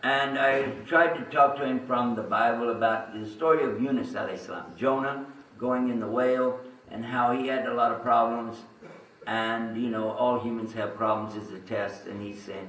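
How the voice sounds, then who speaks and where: A man's voice: medium pitch, fairly even intonation, moderate pace, fairly bright tone, a little hiss or hum. A man telling a personal story to an audience, chatty and full of asides. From Texas. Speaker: religious speaker telling his story. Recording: roomy sound from a distant mic.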